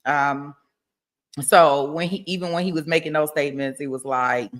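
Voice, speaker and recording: This livestream host is a woman with a low voice and fairly even intonation, speaking at normal speed. She chats casually about a court case, reads viewer comments, laughs often and repeats herself.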